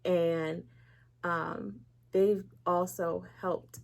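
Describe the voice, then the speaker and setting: Her lowish, gravelly voice stays level and very slow as she tells her personal faith story in an interview. Candid and emotional, she acts out what others said and slips light laughter between serious words.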